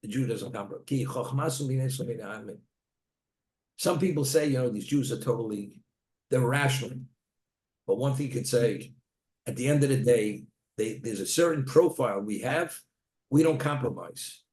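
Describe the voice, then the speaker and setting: A man's voice: medium pitch, normal speed, a little mellow. A man, a rabbi, teaching a Torah class, telling stories and weaving in Hebrew terms. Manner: storytelling, Hebrew terms woven into plain talk. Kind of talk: Torah lecture. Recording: echoey room.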